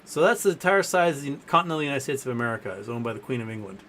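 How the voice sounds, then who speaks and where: A man with a medium-pitched, lively voice talks very fast while hosting a casual live stream, answering viewer questions in a rambling style full of fillers and self-corrections. His voice softens when he talks to his dogs, and there's a little hiss or hum in the audio.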